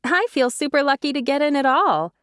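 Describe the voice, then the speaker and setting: Cheery young girl recruit, high and eager, a woman reading her, dry booth sound. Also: expressive, normal speed, dry recording. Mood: cheerful.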